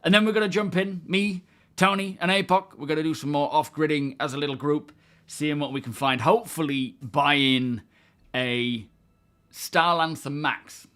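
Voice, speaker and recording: A man's voice: on the high side, steady tone, moderate pace, fairly bright tone. A young man streaming a game, chatting casually and greeting his viewers by name. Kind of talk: casual live-stream chat.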